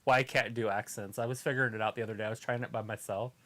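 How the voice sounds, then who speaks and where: A man co-hosting a casual chat show, talking fast, joking around and swearing freely. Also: mid-range voice, steady tone, fairly bright tone. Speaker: co-host.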